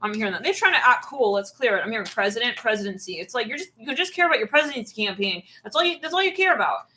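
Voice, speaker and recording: A woman giving a channeled tarot reading, animated and acting out quoted voices as she goes. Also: on the high side, very fast, low-quality recording. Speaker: tarot reader.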